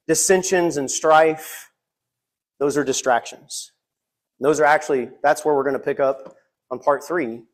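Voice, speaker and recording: A man preaching a sermon in a church, earnest and reading scripture aloud. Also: fairly high pitch. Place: church sanctuary.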